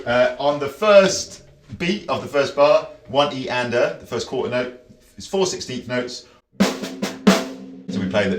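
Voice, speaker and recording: A man's voice: medium pitch, a bit bright. A man teaching drums in a casual, chatty way, counting and scatting rhythms aloud. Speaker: drum teacher. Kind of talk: casual instructional talk. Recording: roomy echo.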